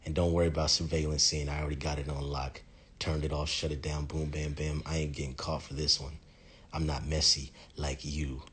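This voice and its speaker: A man playing a vengeful grown man who talks in a low, quiet, threatening way. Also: little pitch movement, brisk, slightly rough, exaggerated voice. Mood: menacing.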